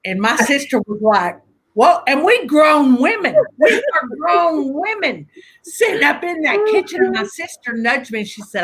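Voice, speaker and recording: A woman telling family stories in a casual conversation, animated and laughing often as she acts out voices. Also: on the high side. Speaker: guest conjure teacher.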